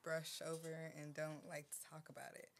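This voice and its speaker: Confident low-voiced woman. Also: little pitch movement, moderate pace, noisy background. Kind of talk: casual podcast chat.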